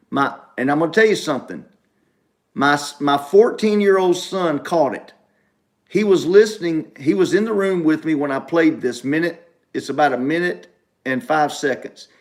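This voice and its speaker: A man hosting a casual livestream show from home, repeating himself and speaking straight to his viewers. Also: fairly high pitch. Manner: repetitive, emphatic, talks straight to viewers. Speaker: show host.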